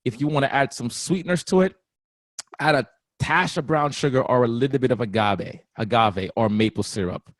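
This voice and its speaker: A man talking casually as a guest trainer, animated and often laughing, acting out other people's voices. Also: mid-range voice, normal speed, dry recording. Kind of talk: casual interview talk.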